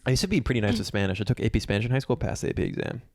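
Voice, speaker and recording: A man's voice: fairly low pitch, racing, a little mellow, no echo, studio quality. A young man co-hosting a casual podcast chat, laid-back, often trailing off and stumbling over his words. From Pennsylvania, USA. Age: young adult. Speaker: podcast co-host.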